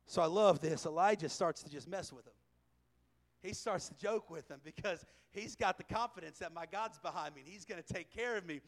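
A man preaching a sermon, telling a scripture story with animated delivery, chuckling and raising his voice for emphasis. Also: high-pitched, a little fast. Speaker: pastor.

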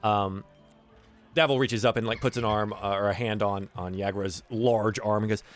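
A man's voice: fairly low pitch, steady tone, normal speed, soft background music. A man narrating a tabletop role-playing game as game master, in a loose, casual way with many fillers.

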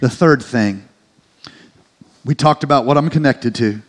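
A male pastor preaching a sermon, rising to emphatic peaks and slowing into drawn-out prayerful lines. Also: medium pitch. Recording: faint music under the voice.

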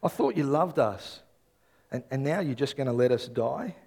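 A man voicing a bitter, complaining man who feels abandoned, in a low, reproachful tone. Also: lively intonation, moderate pace, gravelly, a little mellow, husky.

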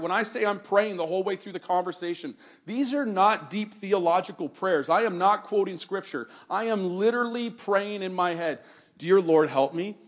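Speaking as a pastor, a man offers a sermon-style personal story and exhortation, recounting an encounter with earnest, warm conviction and easy conversational delivery. His voice is a little high for a man, and he slows and draws out key words for emphasis.

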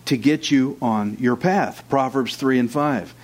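A man's voice: mid-range voice, a little slow. A man preaching a sermon with fervor, who acts out his listeners' doubts in short quotes.

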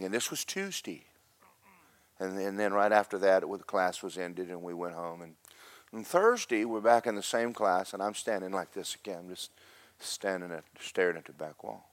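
Male preacher, low voice, dry close sound, swings from shouting to near whispers. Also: no echo. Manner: animated storytelling preacher, loud shouted bursts then hushed asides. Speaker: pastor. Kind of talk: sermon.

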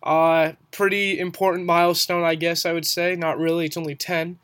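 A young man with a high voice, stuffy and nasal from a cold, hosting a casual sports podcast. He jokes loosely and swears now and then. The sound is dry and close. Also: flat delivery, normal speed, a bit bright, clear, resonant tone, no echo. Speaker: podcast host.

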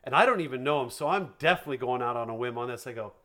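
A man's voice: mid-range voice, expressive, rapid-fire, pushed and bright. A middle-aged man telling a story in casual podcast chat, acting out quotes. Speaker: podcast co-host.

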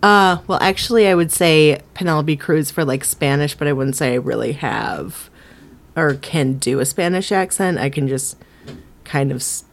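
A woman's voice: deep voice, moderate pace. A woman co-hosting a movie podcast, talking casually with lots of fillers and frequent laughter. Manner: animated, giggly, lots of fillers. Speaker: podcast co-host.

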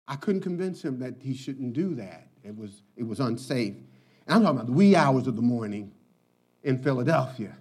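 A man's voice: on the high side, slightly rough. A man preaching a sermon, telling stories and stressing his points by repeating words, and chuckling as he tells them. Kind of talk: sermon with storytelling.

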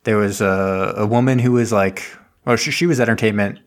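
Speaking at a normal pace in a lowish, steady voice, a man co-hosts a podcast remotely from home. His casual movie rundown wanders, with frequent laughter and restarts.

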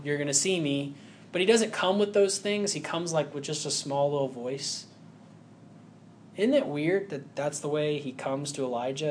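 A man delivers a sermon in a chatty, conversational way, checking in with his listeners as he goes and sinking to a hushed, close voice for the tender moments. His voice sits a little high for a man. The sound is roomy and echoey, with a faint ambient hum underneath. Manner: conversational, often asks "right?"; drops to a quiet, close voice for intimate points. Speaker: preacher.

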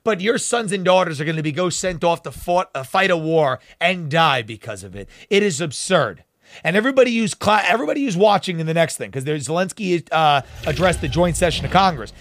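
A man's voice: fairly high pitch, expressive, brisk, a bit bright, dry recording, studio quality. A man hosting a talk show, delivering fiery, emphatic and sarcastic political commentary.

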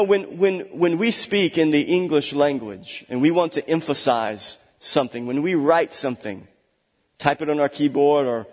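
A fairly high-voiced man preaches a sermon in a church, leaning hard on repeated words for emphasis. He slips into chatty, joking asides. His voice rings out with the long reverb of a big hall. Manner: chatty asides with small laughs. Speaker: pastor.

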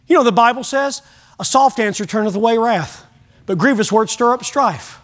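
A male pastor delivers his sermon in a notably high voice. His manner is folksy and emphatic, speaking plainly to the congregation and acting out prayers. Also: moderate pace, a bit bright.

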